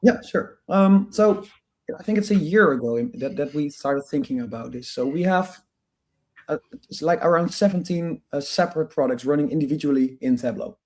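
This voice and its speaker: A man with a slightly raised pitch speaks as a guest over a video call, his voice a little hoarse from a cold. He keeps repeating words and restarting his sentences as he explains. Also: lively intonation, moderate pace, a little mellow. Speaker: guest, company founder. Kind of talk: casual interview talk.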